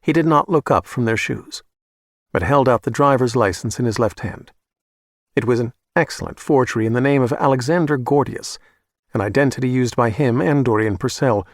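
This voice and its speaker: A man reading a suspense audiobook at a measured, steady pace, with a mid-pitched voice. The studio recording is close and dry, with no room sound. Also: no echo. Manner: measured, even storytelling. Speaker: audiobook narrator. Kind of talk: scripted audiobook narration.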